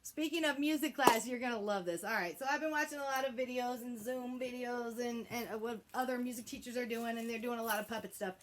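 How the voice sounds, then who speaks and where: Young woman music teacher, slightly high voice, chatty and playful with kids. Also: fast talker, few pauses, slight background noise. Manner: chatty, playful, coaxing the class to repeat words. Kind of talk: remote music lesson to children.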